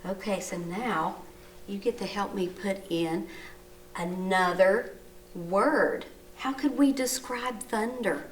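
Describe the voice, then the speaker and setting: A woman teaching a recorded lesson to young children, gently coaxing and asking them questions, reading sentences aloud with exaggerated rises and falls of her voice. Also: mid-range voice, recorded from a distance, slight background noise. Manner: slow, exaggerated read-aloud with rising and falling voice.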